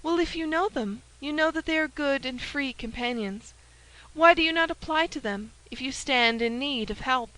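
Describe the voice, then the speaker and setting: A woman's voice: sits high, moderate pace, a bit bright, voice pushed up, rough recording. A woman voicing a timid, earnest young novice who speaks in an eager, pleading way.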